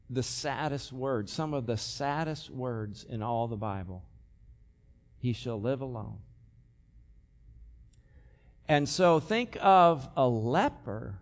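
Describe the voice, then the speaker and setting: A man preaching a sermon, moving from loud, urgent passages to hushed, slow emphasis. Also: high-pitched. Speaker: pastor.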